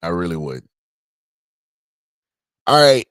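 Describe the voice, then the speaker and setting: Laid-back low-voiced male stream host. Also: big pitch swings, takes it slowly, fairly bright tone, no room sound. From Canada. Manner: loose, joking, slangy, restarts often. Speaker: livestream podcast host. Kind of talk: casual livestream chat. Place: home podcast room.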